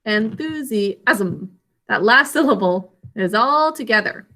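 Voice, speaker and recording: A woman teaching an online reading lesson over a video call, sounding out words slowly and clearly syllable by syllable. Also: on the high side, expressive, pushed and bright.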